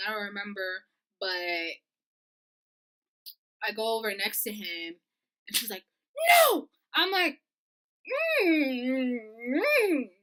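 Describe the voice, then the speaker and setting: A young woman telling a storytime vlog, animated and profane, acting out the dialogue. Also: mid-range voice, rough recording. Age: young adult. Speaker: vlogger.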